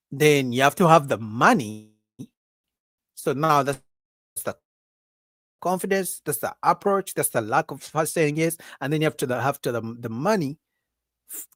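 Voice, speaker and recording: A man's voice: no room sound, clean studio sound. A man hosting a livestream, giving a casual, emphatic opinion monologue full of repetition and asides like "right?". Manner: animated, acts out women's voices in a high mocking pitch. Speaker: livestream host.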